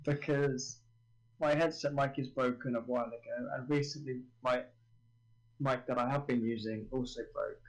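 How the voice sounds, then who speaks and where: A man joining a casual voice call, speaking briefly and calmly through a cheap headset. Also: medium pitch, moderate pace, low-quality recording. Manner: brief, laid-back replies. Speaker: guest friend. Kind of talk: casual chat over a call.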